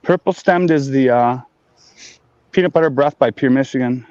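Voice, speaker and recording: A man chatting casually on a live stream, rambling and repeating words, high and talking with a blunt in his mouth. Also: normal speed, darkish tone, highs cut off. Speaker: grower showing plants on a live stream.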